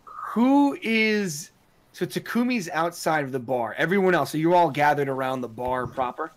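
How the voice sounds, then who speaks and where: A man narrating as game master of a tabletop role-playing game, halting often with fillers and restarts. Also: on the high side, expressive.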